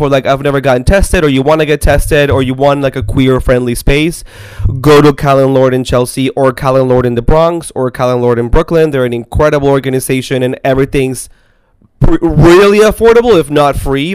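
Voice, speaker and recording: A man's voice: mid-range voice, a little mellow, smooth, no room sound. Congested man in a chatty podcast. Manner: chatty, playful, teasing. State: congested, sinus-affected voice. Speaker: podcast co-host. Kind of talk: casual chat.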